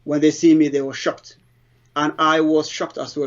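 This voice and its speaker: A middle-aged man from Somalia, whose first language is Somali, gives a personal conversion testimony as an interviewee. He tells his story earnestly but haltingly, in broken English grammar, with a rather high voice and flat delivery. The lo-fi recording sounds dull.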